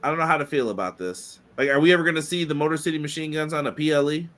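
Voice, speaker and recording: Animated male wrestling podcast host. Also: a little high. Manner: fast, animated opinions with frequent fillers. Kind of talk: casual wrestling podcast chat.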